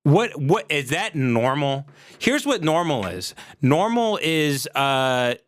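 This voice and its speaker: A man's voice: a little high, sing-song, slow, dry recording. A young adult man, a comedy podcast host, delivering a sarcastic, profane, worked-up comedic rant.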